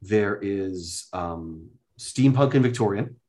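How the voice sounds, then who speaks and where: A man, a guest, explaining things step by step in a casual talk, often pausing with "um". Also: lowish voice, animated, darkish tone. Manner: explains methodically, with many hesitations and "um"s. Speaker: guest, card deck inventor.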